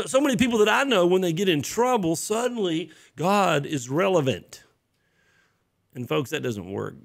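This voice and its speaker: A man's voice: medium pitch, vocal fry. A man, a pastor, delivering a conversational sermon, often repeating his phrases for emphasis.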